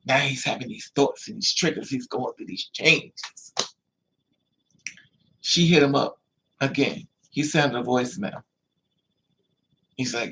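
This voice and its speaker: A man telling a story in an animated vlog monologue, acting out other people's lines with emphatic repetition. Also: medium pitch, takes it slowly, gravelly, pauses often, a little hiss or hum. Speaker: vlogger.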